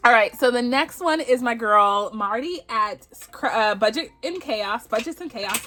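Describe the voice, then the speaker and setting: A woman's voice: fairly high pitch, lively intonation, measured pace, a bit bright, faint music behind. A Bajan woman hosting a budgeting vlog, chatting casually and giggling as she plays a savings game. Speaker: budgeting channel host.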